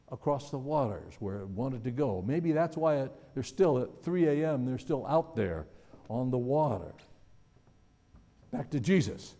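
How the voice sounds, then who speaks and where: A man preaching a sermon in a relaxed, conversational way, musing aloud and putting questions to his listeners. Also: fairly high pitch. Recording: long hall reverb.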